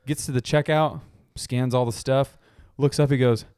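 Speaking at normal speed, this man has a mid-range, slightly mellow, smooth voice with fairly even intonation. He co-hosts a podcast, swapping stories in relaxed conversation, laughing a lot and doing voices for the people in his anecdotes. The recording is clean studio sound with no room sound.

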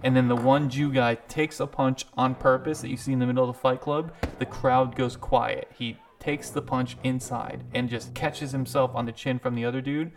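A man's voice: medium pitch, fairly even intonation, normal speed, hardly any pauses, soft background music. A man running a tabletop game as game master, narrating loosely with frequent laughs.

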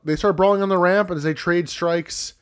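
A man's voice: high-pitched, fairly even intonation, moderate pace, smooth. A man co-hosting a casual podcast, recapping wrestling matches play by play with wry asides. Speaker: podcast co-host.

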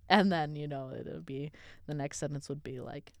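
A woman's voice: low-pitched, fairly even intonation, fairly quick, vocal fry, no echo, studio quality. A woman candidly telling a personal story in a wry, self-mocking way, with sarcastic asides and frequent laughter. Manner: breaks into laughter often. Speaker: vlogger.

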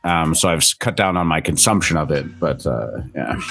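A man's voice: very deep voice, moderate pace, creaky, a bit bright, soft background music. A man co-hosting a casual live morning show, easygoing and chatty, a little tipsy. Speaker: co-host. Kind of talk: casual live-stream chat.

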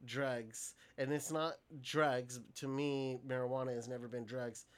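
A man's voice: mid-range voice, steady tone, unhurried. A middle-aged man from California co-hosting a podcast in casual chat, rambling with many restarts. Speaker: podcast co-host.

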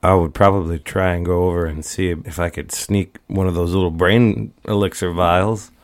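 A man speaking as a player at a tabletop game, relaxed and offhand. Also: low-pitched, normal speed. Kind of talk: casual game talk.

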